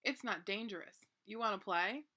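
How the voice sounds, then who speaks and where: A woman voicing a big monster kid who calls out loudly and cheerfully. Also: medium pitch, moderate pace.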